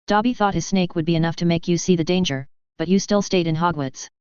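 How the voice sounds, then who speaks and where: A woman voicing a small, anxious male house elf with a high-pitched, pleading voice. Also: fast, darkish tone, smooth, no room sound, dull audio, natural voice. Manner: pleading, distraught.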